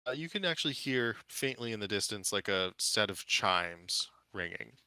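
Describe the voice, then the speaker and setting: A man's voice: lowish voice, animated, moderate pace, bright, forceful tone, clean tone, no room sound. A man narrating as dungeon master, hesitant and full of fillers. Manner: hesitant, many fillers and restarts. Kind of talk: narrating a tabletop game.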